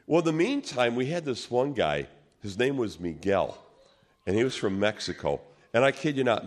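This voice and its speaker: A man preaching, telling a personal testimony as an animated storyteller who acts out the people he quotes. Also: on the low side. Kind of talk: sermon storytelling.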